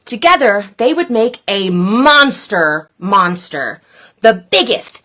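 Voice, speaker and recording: A woman reading a children's picture book aloud in a playful, expressive way. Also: mid-range voice. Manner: playful, expressive, slow and deliberate. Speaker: storyteller.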